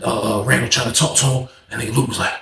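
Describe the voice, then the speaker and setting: A man's voice: mid-range voice, fast talker, gravelly, echoey room. A man telling a story casually and profanely, acting out the people in it. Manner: animated, profane, acts out quotes. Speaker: storyteller host.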